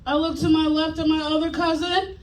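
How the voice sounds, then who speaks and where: A woman performing a stand-up comedy set, telling a profane story loudly and acting out the voices. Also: high-pitched, level tone, a little fast. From United States. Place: comedy club stage with live audience. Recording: echoey room, distant mic, loud crowd laughter. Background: audience laughing.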